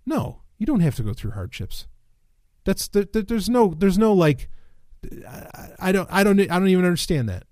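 A man's voice: sits high, sing-song, normal speed, a little mellow, no room sound, clean studio sound. A man giving a casual, sardonic commentary monologue, rambling with restarts and swearing, then flaring into exasperated rants. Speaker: commentator reacting to a blog post.

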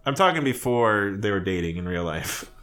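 Lachender junger Podcast-Moderator. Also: male voice, fairly low pitch, sing-song, moderate pace, fairly bright tone. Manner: rambling, laughs through his storytelling, swears freely. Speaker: podcast co-host. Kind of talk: casual chat.

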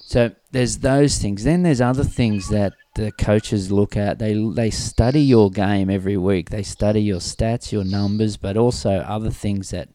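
A middle-aged man hosting a conversational interview, an animated storyteller who laughs often and talks in bursts. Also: on the low side, a little slow, hardly any pauses, no room sound. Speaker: host and former team staff member.

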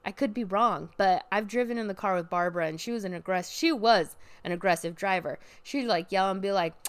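A young woman ranting casually as a podcast host, swearing freely and bursting into loud outbursts. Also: mid-range voice, fairly quick, smooth. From Oregon, US. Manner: animated, profane venting with sudden loud outbursts.

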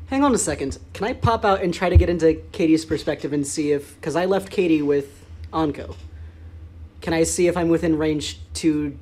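Jokey deadpan player. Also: mid-range voice, normal speed. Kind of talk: casual tabletop play.

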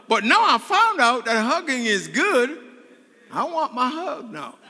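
High bright-voiced guy preaching a sermon, keeps asking for amens, big echoey church. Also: slow pace, husky. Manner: animated preaching, repeats phrases, asks the crowd "Amen?". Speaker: pastor. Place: church sanctuary. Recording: long reverb in a large hall.

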